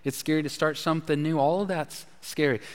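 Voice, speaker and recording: A man's voice: fairly high pitch, fairly even intonation, a little fast, clear, resonant tone. A man preaching a sermon as pastor, emphatic and repetitive, often restarting his phrases. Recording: long hall reverb.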